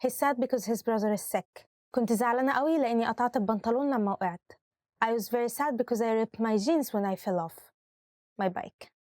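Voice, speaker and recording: A woman's voice: on the high side, rapid-fire, darkish tone, no room sound, clean studio sound. A woman hosting a vocabulary lesson in an upbeat, instructive way. She says each word, repeats it, and gives its translation, switching between Arabic and English. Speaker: language teacher and host.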